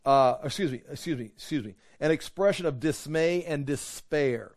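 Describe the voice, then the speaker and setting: A man with a fairly high voice teaches scripture verse by verse, animated and conversational. He acts out quoted voices and fires off rhetorical questions. The sound is dry and close, with no room echo. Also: moderate pace. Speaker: Bible teacher.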